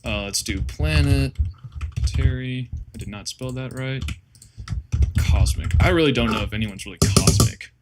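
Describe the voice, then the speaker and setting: A young man chatting on a live stream, excitable and rambling, swearing often while he sorts a tier list. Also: mid-range voice, unhurried, heavy background noise. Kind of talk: casual live-stream chat.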